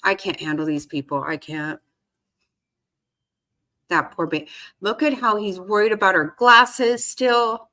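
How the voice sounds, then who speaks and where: A woman's voice: mid-range voice, unhurried, pauses often, bright, forceful tone. A woman giving casual reaction commentary on a court case, indignant and swearing freely as she talks back at the screen. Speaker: true-crime commentary host.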